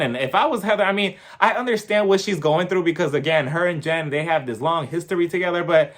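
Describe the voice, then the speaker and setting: A man's voice: on the high side, fast talker, few pauses, a bit bright. A man chatting casually as he recaps a reality TV episode, gossipy and profane, breaking into laughter. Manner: gossipy, chatty, swears freely, laughs often.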